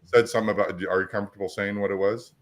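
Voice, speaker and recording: This man talks very fast in a steady tone, his voice on the low side. Co-hosting a coaching podcast, he chats assertively and plays out quotes when telling stories.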